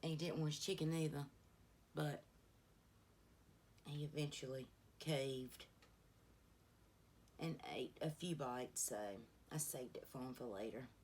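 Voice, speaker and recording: A middle-aged woman with a thick drawl, talking in a deep, unhurried voice. She chats casually through her makeup routine, wandering off into long stories full of asides. Faint background hiss sits under her voice. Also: darkish tone. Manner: rambling, chatty storytelling with many asides. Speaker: beauty vlogger. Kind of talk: casual get-ready-with-me chat.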